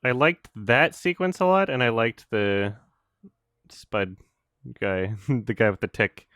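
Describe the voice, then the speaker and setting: A man's voice: medium pitch, sing-song, slow pace, fairly bright tone, clean tone, no room sound, studio quality. A man co-hosting a podcast, chatting casually about a film, rambling and laughing often. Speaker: podcast co-host.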